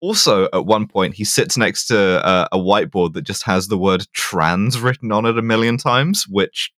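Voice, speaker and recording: Rambling low-voiced man, dry mic. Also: moderate pace, a bit bright, dry recording. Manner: rambling, jokey, lots of fillers. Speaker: podcast co-host. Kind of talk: casual chat recapping a film.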